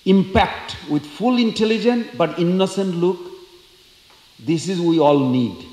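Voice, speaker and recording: A man giving a storytelling lecture at a temple, acting out the voices of the characters with lively energy. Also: high-pitched, measured pace. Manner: animated, acts out quoted characters. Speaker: temple speaker. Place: temple hall. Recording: echoey temple hall.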